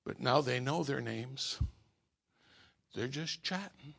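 Middle-aged male preacher, storytelling sermon, ringing tone, big swings between hushed and shouted. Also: mid-range voice, animated, slow, creaky, breathy edge.

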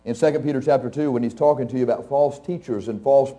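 A man's voice: mid-range voice, fast talker, dark tone. A male pastor preaching to a live congregation in a conversational, anecdotal way, chuckling often and asking the audience questions. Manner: speaks straight to the audience, asks questions.

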